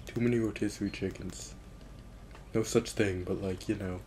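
A man's voice: low voice, fairly even intonation, normal speed, a little mellow, slight background noise. A man co-hosting a let's play video, chatting casually and playfully while the game runs. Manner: playful, chatty, prone to silly sounds. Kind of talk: casual gaming chat.

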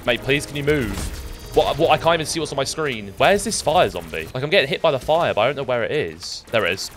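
Excitable man narrating gameplay. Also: mid-range voice, quick pace, soft background music. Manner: excitable, swears, talks to himself. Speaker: gaming YouTuber. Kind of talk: live gameplay commentary.

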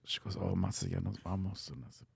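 Middle-aged male storyteller, very low and husky, earnest and casual, code-switching into Spanish phrases. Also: steady tone, quick pace, darkish tone, no room sound. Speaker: podcast guest.

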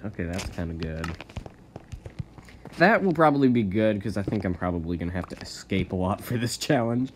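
A man giving casual, rambling commentary over his own gameplay, often laughing and jumping to high yelps. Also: animated, fairly quick, a little hiss or hum. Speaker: gaming channel host.

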